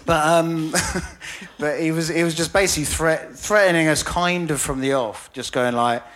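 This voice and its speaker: A man's voice: on the high side, moderate pace, fairly bright tone. Rambling, laughing male storyteller. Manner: rambling, self-deprecating, stammering restarts, laughing often. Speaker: journalist and author guest. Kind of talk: casual anecdote in conversation.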